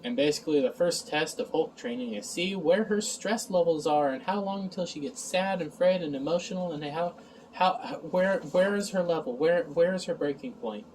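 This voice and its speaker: A man's voice: fairly high pitch, moderate pace, a little mellow, recorded from a distance, slight background noise, low-quality recording. A man recapping an episode in a casual review, sarcastic and exasperated, sighing and mocking the lines he quotes.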